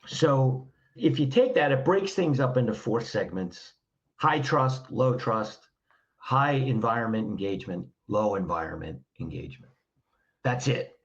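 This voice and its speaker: A man talks through his ideas in a direct, teacherly way, stacking up rhetorical questions as he goes. His voice sits at an ordinary pitch, and the recording sounds dull and a little lo-fi. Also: lively intonation, unhurried. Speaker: communication trainer, guest. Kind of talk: explanatory podcast conversation.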